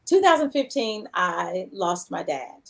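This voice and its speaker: A woman hosts a casual talk show. She tells stories with lots of animation and jumps way up in pitch when she quotes people. Her talk is loose and conversational, with plenty of fillers. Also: sing-song, unhurried, creaky, fairly bright tone. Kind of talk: casual chat.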